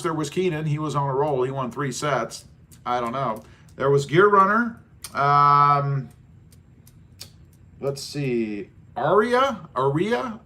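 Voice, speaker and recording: Bright-voiced man chatting on a livestream. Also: a little high. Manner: jokey, self-deprecating, reads chat aloud. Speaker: livestream host. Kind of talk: casual live chat reading comments.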